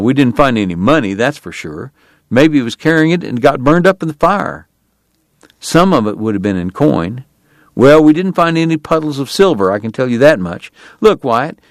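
A defensive young Old West sheriff voiced by a man, pitched well above the narrator and quick to snap back. The voice is lifted, excitable and a little flustered, set in a dry audiobook read. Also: no room sound.

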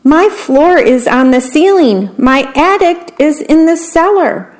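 A woman's voice: a little high, lively intonation, a little slow, darkish tone. A woman voicing a fussy little worm who lives in an apple, with squealing, fretful exclamations. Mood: panicked.

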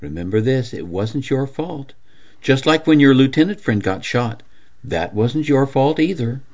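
A caring elderly mother speaks calm comfort, as a man voices her in a raised pitch. The recording is dull and lo-fi, like an old radio reading. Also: unhurried. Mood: reassuring.

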